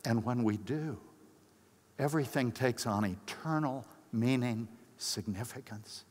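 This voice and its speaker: A man's voice: measured pace, darkish tone. An older man, a pastor, preaching a conversational sermon at a conference, telling personal stories and acting out quoted voices. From United States. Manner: conversational, acts out quoted voices with big pitch jumps. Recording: long reverb of a large hall.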